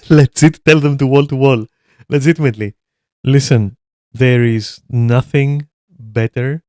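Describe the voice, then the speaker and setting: A man rants through a gaming commentary, cursing freely and sneering at the players he talks about. His voice sits at an ordinary pitch and comes across close and dry, with no room sound. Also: no room sound. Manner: profane, heated, swears constantly; animated and mocking, laughs at his own jokes. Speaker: commentator reacting to a video. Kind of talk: ranting commentary on online gaming.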